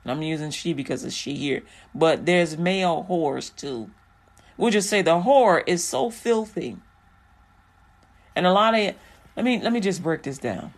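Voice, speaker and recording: A woman's voice: fairly low pitch, animated, measured pace. A woman teaching a Bible passage in a casual, frank and joking way, with lots of fillers.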